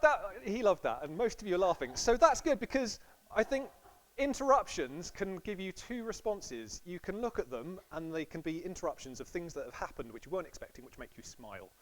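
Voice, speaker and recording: A man's voice: sits high, sing-song, a little fast, rough recording. A man preaching a sermon in a casual, storytelling way, acting out quotes playfully.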